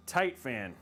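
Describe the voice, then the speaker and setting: A man's voice: medium pitch, sharp tone, a little hiss or hum. A man hosting a casual livestream, chatting with viewers and laughing often while he builds a computer.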